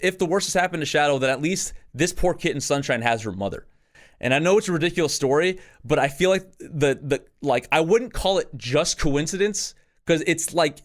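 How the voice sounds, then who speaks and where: A young man co-hosting a podcast, telling a long story in casual chat, animated, swearing often and restarting his sentences. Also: on the high side. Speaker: podcast co-host.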